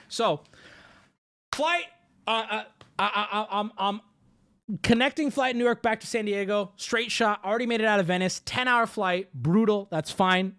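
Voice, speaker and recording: A man hosting a livestream, telling a rambling, profane travel story in clipped, animated fragments. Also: high-pitched. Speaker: streamer host.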